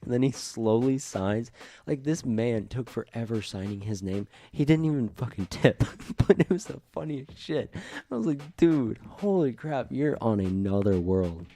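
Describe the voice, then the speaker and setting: A man's voice: medium pitch, moderate pace, mellow. A young man co-hosting a podcast in a casual, rambling storytelling style, full of fillers. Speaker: podcast co-host. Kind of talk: casual chat.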